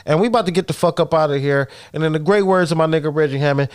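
A man's voice: on the high side, racing, smooth. A man co-hosting a podcast, talking in casual chat with profane, emphatic, joking banter. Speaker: podcast co-host.

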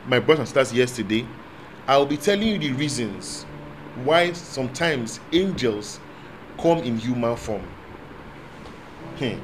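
A man preaching a sermon, moving between quiet asides and loud proclamation and asking the congregation call-and-response questions. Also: mid-range voice, background noise. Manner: speaks in tongues at times.

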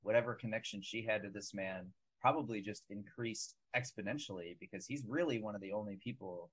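Husky-voiced man analyzing a film. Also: lowish voice, a little fast, rough recording. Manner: analytical, builds longer points about characters. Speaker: film podcast co-host. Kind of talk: casual film discussion.

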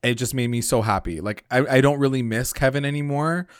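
A man co-hosting a casual chat, recapping a TV episode, talking with animated energy and acting out lines in a high voice. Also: brisk, clear, resonant tone, no echo, clean studio sound. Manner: animated, swearing, acts out characters in a high voice. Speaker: podcast co-host recapping a TV episode.

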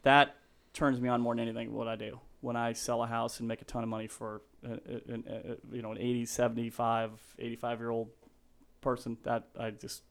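A man's voice: mid-range voice, level tone, fairly quick, vocal fry. A middle-aged man, a real estate agent, talking in an earnest, openly sentimental way on a casual podcast interview. He rambles and restarts often.

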